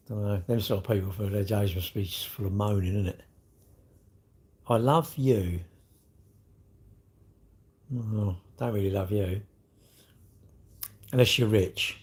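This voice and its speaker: A man's voice: on the low side, moderate pace, long pauses, a little mellow, slightly rough. A middle-aged man hosting a casual livestream, chatting bluntly and jokingly with viewers as he reads their comments. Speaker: livestream host.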